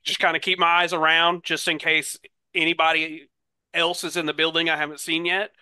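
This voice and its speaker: Bright, crisp-voiced man thinking aloud. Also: on the high side, little pitch movement, brisk, no echo. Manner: hesitant, many ums and likes, thinking aloud. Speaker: player. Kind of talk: casual tabletop role-play.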